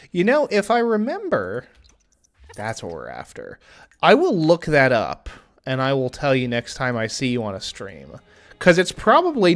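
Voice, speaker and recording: A young man casually commenting on his game during a live stream, thinking aloud with frequent ums and restarts. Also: medium pitch.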